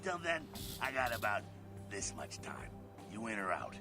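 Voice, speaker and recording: An actor playing a gruff, impatient male vampire mentor who talks bluntly, from a video game. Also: lowish voice, big pitch swings, moderate pace. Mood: brusque. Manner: blunt, rough-talking. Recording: game audio with music behind.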